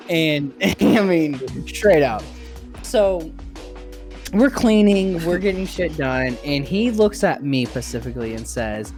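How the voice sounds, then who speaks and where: Give me a young man co-hosting a casual podcast, telling a rambling, profane story in an excitable way. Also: on the high side. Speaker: podcast co-host.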